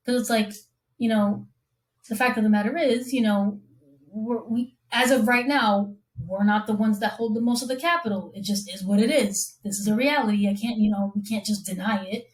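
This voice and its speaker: A woman guest talking casually as a copy coach, quick and rambling, acting out what people said to her in lively voices. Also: fairly high pitch. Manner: animated, acts out quoted dialogue with voices; fast, rambling with restarts. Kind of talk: casual conversation.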